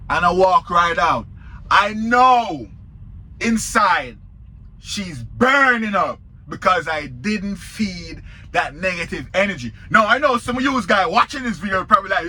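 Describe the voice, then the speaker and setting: A man's voice: high-pitched, animated, measured pace, bright, forceful tone, slightly rough. A man with a Jamaican accent, a truck driver telling a story in a casual vlog, talking straight to viewers.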